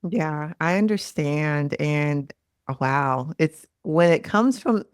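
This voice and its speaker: Low-pitched woman coach chatting, earnest, dry close sound. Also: slow, clean tone, no echo. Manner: earnest, animated, acts out quotes. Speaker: guest, mindset coach. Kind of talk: casual podcast conversation.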